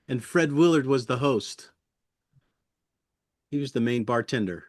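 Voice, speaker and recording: A man's voice: medium pitch, no echo. Dry-sounding man, chuckling puppeteer. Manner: friendly, chuckling, halting with fillers. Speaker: guest puppeteer. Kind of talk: interview reminiscing.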